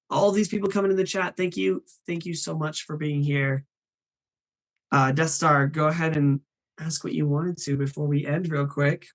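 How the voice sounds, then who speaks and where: Chatty guy running a live stream, upbeat, reads off chat names, kinda higher voice. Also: gravelly.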